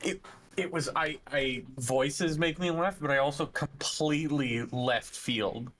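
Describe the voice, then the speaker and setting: A man's voice: a little high, unhurried, a bit bright, slight background noise. A man, a player, chatting casually at a tabletop game, giggly and stumbling over his words, with casual swearing.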